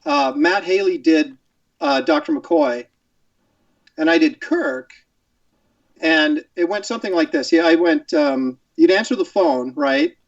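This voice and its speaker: A man's voice: high-pitched, very animated, measured pace, creaky, dry recording, distant mic, muffled recording. Easygoing middle-aged man on a video call. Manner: easygoing, rambling, laughs often. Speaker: guest artist. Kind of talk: casual chat.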